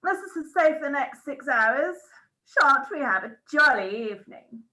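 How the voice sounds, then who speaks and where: A woman's voice: sits high, expressive, unhurried, sharp tone, exaggerated voice, poor audio. A woman reading the part of a flustered young housemaid who fusses in a breathless way. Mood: cheerful. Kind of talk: script read-through.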